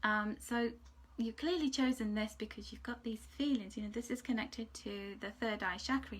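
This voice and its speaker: A woman with a fairly high voice giving a casual spiritual card reading. She talks in a chatty, rambling way and now and then drops into a soft whisper. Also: fairly even intonation, brisk, breathy edge. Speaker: angel card reader.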